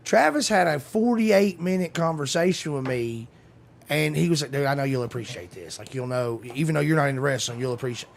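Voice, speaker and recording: A man with a gravelly, slightly raised voice chimes in during casual chat. He teases dryly and keeps his remarks short. His voice has a rough, frayed edge. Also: a little high, brisk. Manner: wry, teasing interjections.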